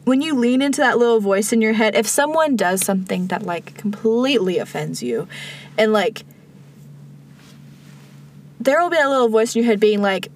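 A woman's voice: medium pitch, fairly quick. A young woman co-hosting a casual faith podcast, rambling with fillers and restarts. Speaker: podcast co-host.

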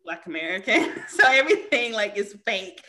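Lively, bright-voiced woman chatting. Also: medium pitch, normal speed. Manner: laughing often, swearing freely; storytelling, lively and emphatic. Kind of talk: casual chat.

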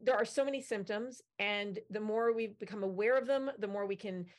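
A woman's voice: medium pitch, a little fast. A woman in her forties or fifties, in menopause, chatting casually on a video call panel and acting out quoted remarks. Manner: chatty, animated, acts out quotes. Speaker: panelist, company founder.

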